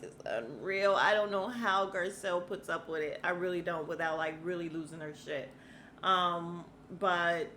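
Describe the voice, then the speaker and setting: A woman's voice: on the low side, fairly bright tone, a little hiss or hum. Blunt, swearing woman podcaster. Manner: blunt, swears freely, laughs often. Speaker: podcast host. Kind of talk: casual reality-TV recap.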